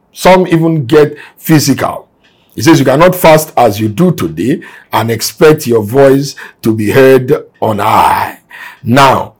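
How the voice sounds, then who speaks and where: Husky-voiced male preacher giving a sermon. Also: medium pitch. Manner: emphatic, rising to forceful exhortation; reads scripture aloud and explains it. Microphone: broadcast to remote listeners.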